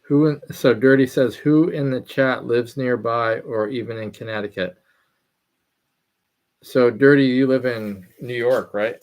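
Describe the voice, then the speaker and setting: A man's voice: medium pitch, unhurried. A man from California hosting a hobby livestream, talking loosely and rambling as he answers chat messages aloud.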